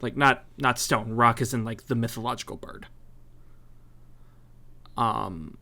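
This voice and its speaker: A man's voice: medium pitch, measured pace, vocal fry, sharp tone. A young man co-hosting a casual podcast, recapping a movie from his notes in an easygoing, jokey way. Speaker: podcast co-host.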